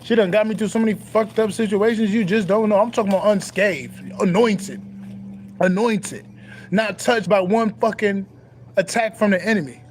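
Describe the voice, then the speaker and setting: A man's voice: high voice, moderate pace, slight background noise. A young man talking casually and profanely about his spiritual path, repeating phrases for emphasis. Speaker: spiritual content creator.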